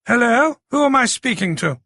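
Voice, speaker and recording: A man's voice: extremely high pitch, animated, normal speed, creaky, sharp tone, no echo, studio quality, voice pushed up, heavily acted. A man voicing a tough, commanding woman police commander who barks urgent orders.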